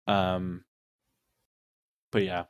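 Guy with a low smooth voice, dry close sound, um-ing and like-ing through a book chat. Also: level tone, drawn-out words, no echo. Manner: hesitant, filler-heavy musing. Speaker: podcast co-host. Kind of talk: casual book discussion.

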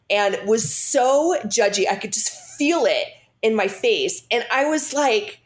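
A woman's voice: on the high side, very animated, slow. A woman in her thirties telling a personal story in casual chat, rambling with many fillers and restarts.

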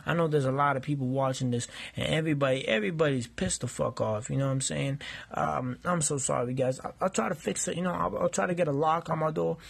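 A man's voice: fairly high pitch, fast talker, vocal fry, breathy edge. A man doing a crude, profane comedy rant as a podcaster, recorded on a phone held in hand. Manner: crude, ranting, swears constantly.

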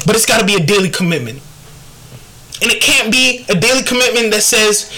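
A woman hosting a faith podcast, speaking earnestly and reflectively, quoting scripture and pausing to think aloud. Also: medium pitch, lively intonation, sharp tone, faint music behind, low-quality recording. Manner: earnest and reflective, quotes scripture, slow deliberate delivery. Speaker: podcast host.

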